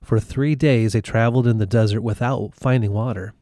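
A man's voice: on the low side, fairly even intonation, a little fast, dark tone, dry recording, clean studio sound. A man teaching from the Bible in a casual conversation. He retells the stories and acts out the quotes, with many fillers. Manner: storytelling with acted-out quotes, frequent fillers.

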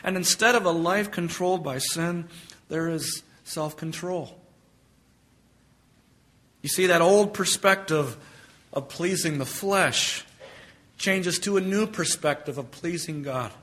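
A man's voice: on the high side, takes it slowly, pauses often, fairly bright tone. A man preaching a sermon and telling a story, emphatic and stretching out key phrases.

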